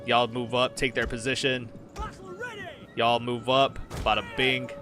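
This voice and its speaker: A man giving excited, casual commentary on a battle while streaming a game. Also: mid-range voice, measured pace, music in the background. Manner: excited, swears, lots of fillers. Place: home room.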